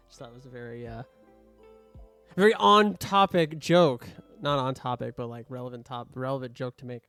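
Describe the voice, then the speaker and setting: A man's voice: medium pitch, moderate pace, pauses often, fairly bright tone, clean tone. A young man casually commenting while streaming a game, joking and mock-scolding the customers, with faint music behind him.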